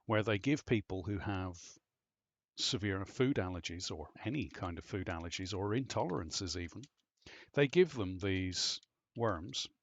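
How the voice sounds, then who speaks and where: A man's voice: low voice, a bit bright. A man hosting a podcast, telling a long story in a casual, rambling way and swearing freely. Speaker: podcast host. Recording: dull lo-fi voice recording.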